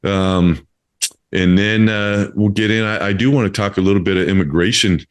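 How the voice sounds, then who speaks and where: A man's voice: on the low side, normal speed, clear, resonant tone. A man in his fifties hosting a casual interview, talking in a rambling way with many fillers and restarts. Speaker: podcast host.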